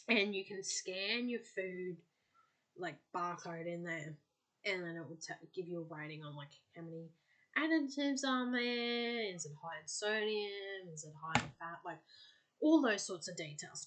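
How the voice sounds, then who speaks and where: A woman's voice: lowish voice, a bit bright. A woman hosting a podcast, chatting casually and bubbly, with lots of filler words. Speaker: podcast host.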